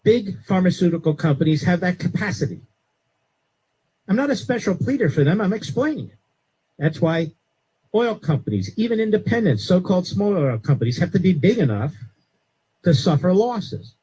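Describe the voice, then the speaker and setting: Radio host guy ranting emphatically, voice swings all over and jumps high. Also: sing-song, moderate pace, husky, rough recording. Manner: emphatic, rising to sharp high-pitched outbursts. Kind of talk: political commentary monologue.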